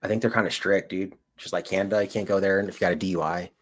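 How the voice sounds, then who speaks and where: He's a fast talker with a low voice and fairly even intonation. Living in Colorado and working as an auditor, he hosts a livestream where he chats loosely with viewers, his speech thick with "dude" and "like."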